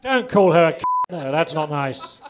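A man's voice: a little high, animated, normal speed. A man from England on a live comedy talk show, teasing and firing off eager questions. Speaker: comedy guest. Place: bar venue with live audience.

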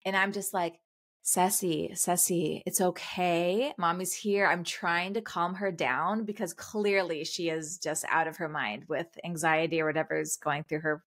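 A woman in her thirties co-hosting a podcast, telling a story in animated casual chat and laughing often. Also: low voice, normal speed, hardly any pauses. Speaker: podcast co-host.

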